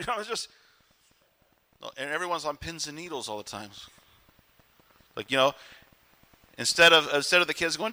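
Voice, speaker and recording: A man delivers a sermon from the pulpit with a bright, ringing tone. His voice sits a touch high for a man. He is animated and acts out short voices to drive his points home. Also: normal speed, long pauses. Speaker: pastor.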